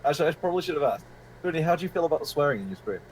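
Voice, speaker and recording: A man's voice: a little high, lively intonation, rapid-fire, darkish tone, slight background noise, rough recording. A man chatting over voice chat as a stream guest, joking and swearing freely.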